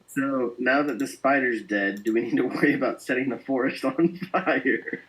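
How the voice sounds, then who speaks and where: A man playing a tabletop game, taking his turns in a deliberate, measured way. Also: medium pitch, a bit bright, poor audio. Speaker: player. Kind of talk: casual tabletop game chat.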